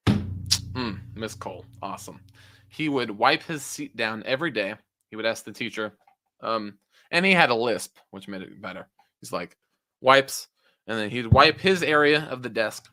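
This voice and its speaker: A man's voice: mid-range voice, sharp tone, no room sound, clean studio sound. A young man co-hosting a podcast in casual chat, rambling and cutting himself off, swearing often. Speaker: podcast co-host.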